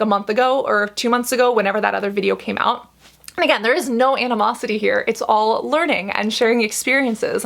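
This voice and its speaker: A woman's voice: a little high, vocal fry, a bit bright. A young woman, a YouTube skincare creator, talking earnestly to camera with lots of fillers. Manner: earnest, chatty, many fillers. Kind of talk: direct-to-camera explanation.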